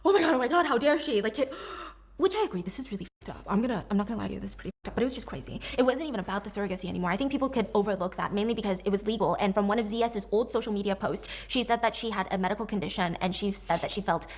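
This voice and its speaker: A woman's voice: medium pitch, racing, few pauses. A woman co-hosting a casual chat, telling a story and acting out the quoted voices. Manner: animated, acts out quoted voices.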